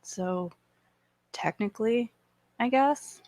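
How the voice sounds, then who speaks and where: A woman's voice: on the high side, slow, a little mellow, dry recording. A woman being interviewed as a guest in a casual chat, light and easygoing with frequent laughter. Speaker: guest, political candidate.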